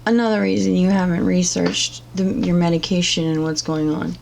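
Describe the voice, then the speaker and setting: A woman's voice: fairly low pitch, fairly even intonation, normal speed, creaky, darkish tone, a little hiss or hum. A woman giving blunt, profane and sarcastic reaction commentary as a vlogger.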